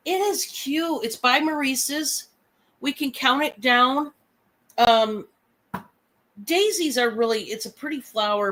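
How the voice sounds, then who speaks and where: A woman hosting a live sale while fighting a cold, her voice hoarse and froggy. She chats and laughs, gushing about each item in a bright, forward tone. Her voice sits a little high. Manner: chatty, laughing, gushing over items. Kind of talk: casual live selling chat.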